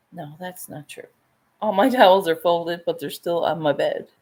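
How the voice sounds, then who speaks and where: A woman's voice: on the low side, measured pace, a little mellow. A middle-aged woman chatting casually while she paints, swearing freely and laughing often. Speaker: painting vlogger.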